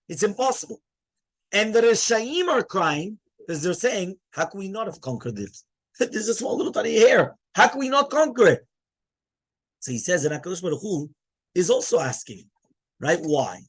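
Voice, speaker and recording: A rabbi gives a lively Torah class, throwing questions at his listeners and hushing the room. His voice is fairly high for a man and a bit husky. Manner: animated, asks the listeners questions and quiets them. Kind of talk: Torah class to a live audience.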